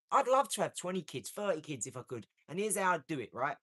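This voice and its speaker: A man's voice: fairly high pitch, sing-song, fast talker, few pauses. Brash man in his forties. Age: 40s. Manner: brash, boastful, swings from shouting to mumbling; heavy slang and swearing. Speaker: live stream host. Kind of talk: casual live-stream talk.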